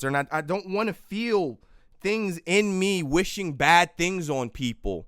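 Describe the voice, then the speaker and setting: A man hosting a political livestream, tired and exhausted, swinging between quiet weary stretches and loud profane outbursts into a close microphone. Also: fairly high pitch, animated, unhurried, clean tone, no room sound. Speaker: livestream host. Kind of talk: impassioned political livestream rant.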